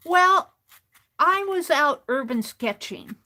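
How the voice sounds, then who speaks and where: A tiny, adventurous girl gnome speaks with eager curiosity, as a woman storyteller puts her on. The voice sits noticeably higher than ordinary speech and bounces with lively, shifting pitch. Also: takes it slowly, exaggerated voice. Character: small adventurous girl gnome, shy then chatty.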